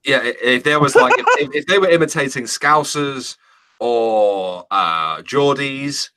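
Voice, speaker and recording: A man's voice: mid-range voice, a little slow, bright, forceful tone. A British man, co-hosting a casual chat show, reading out news stories with jokes and casual swearing. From Britain. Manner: jokey, swears casually, frequent laughter.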